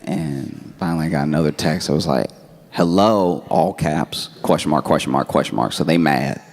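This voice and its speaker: A man doing stand-up comedy, telling a story in a conversational, animated way with laughing asides. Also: rumbling low, a little fast, gravelly, crowd noise.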